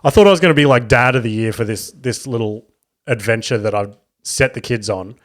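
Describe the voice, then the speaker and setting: A man in his thirties hosts his own podcast and rambles through family anecdotes in a loose, self-mocking way. He swears freely and his voice sits at an ordinary pitch for a man. It is a close podcast-mic recording. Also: fairly quick, a bit bright. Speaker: podcast host. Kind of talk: casual comedic storytelling.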